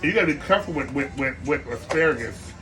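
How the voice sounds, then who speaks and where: A man's voice: mid-range voice, expressive, quick pace, music in the background. A man hosting a comic cooking show, rambling playfully with asides while he chops vegetables.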